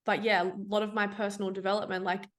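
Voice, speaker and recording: A woman coach speaking in a mid-pitched voice as a podcast guest. She is candid and blunt, drops casual swear words, and leans on fillers like "like" in relaxed chat. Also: fast talker. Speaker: online fitness coach, guest.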